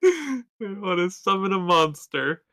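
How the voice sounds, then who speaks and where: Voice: medium pitch, big pitch swings, slow pace, a bit bright, no echo. A player in a casual tabletop game, hesitant and giggling between answers.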